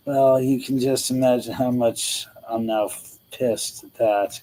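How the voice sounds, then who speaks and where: A middle-aged man hosts a casual livestream and chats loosely with his viewers. His voice sits at an ordinary middle pitch. He laughs easily and swears freely as he talks. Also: fairly even intonation, takes it slowly, hardly any pauses, mellow, a little hiss or hum, rough recording. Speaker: livestream host. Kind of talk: casual livestream chat reading comments.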